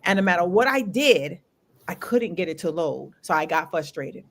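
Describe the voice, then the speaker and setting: Animated woman telling a frustrating story. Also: on the low side, moderate pace. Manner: animated, repeats phrases for emphasis, swears freely. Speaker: show host. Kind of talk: casual storytelling chat.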